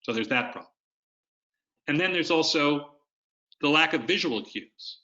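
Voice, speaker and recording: Webinar presenter, man, bright and forceful tone, coaching style, dull lo-fi video-call sound. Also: fairly high pitch, expressive, measured pace. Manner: coaching, explains with demonstrations. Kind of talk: instructional webinar talk.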